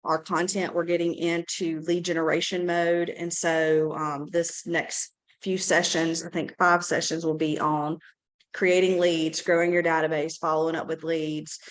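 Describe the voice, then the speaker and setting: A woman with a hoarse, scratchy voice from a cold, hosting a team meeting in an upbeat, chatty, rambling way. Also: deep voice, level tone, a little slow. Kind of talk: casual meeting talk.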